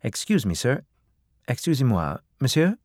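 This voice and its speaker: A man's voice: mid-range voice, very animated, moderate pace, a little mellow, no echo, clean studio sound. A man voicing a polite, earnest female field reporter.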